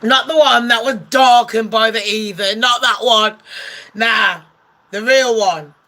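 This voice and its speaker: A gossip vlogger rattles off comic commentary, brash, sarcastic, and swearing freely. Her voice is bright, sharp-edged, and fairly high, delivered at a measured pace.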